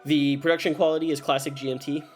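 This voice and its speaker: A man's voice: a little high, flat delivery, quick pace, a little mellow, faint music behind. Man reviewing games, thoughtful and hedging. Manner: thoughtful, hedging, searching for words. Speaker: co-host of a board game review show. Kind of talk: casual review chat.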